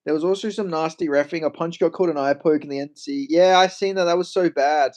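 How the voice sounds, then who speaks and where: A man's voice: a little high, a little fast, a little mellow. A young Australian man on a casual livestream, joking, swearing freely and answering his chat. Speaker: MMA streamer.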